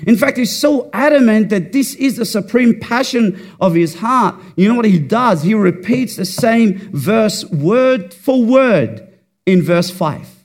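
A man's voice: sits high, animated, measured pace. A man preaching a sermon, fervent and rhetorical, repeating words for emphasis.

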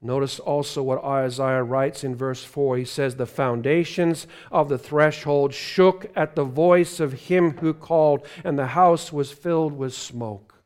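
A man preaching a live sermon as a guest preacher in a church, swinging between loud proclamation and hushed, pleading intimacy. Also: medium pitch, steady tone, a little slow, few pauses, smooth. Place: church sanctuary.

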